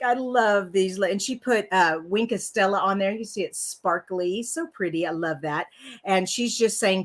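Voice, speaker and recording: A woman's voice: mid-range voice, a bit bright. A woman hosting a casual live card-making tutorial, chatty and rambling, often laughing.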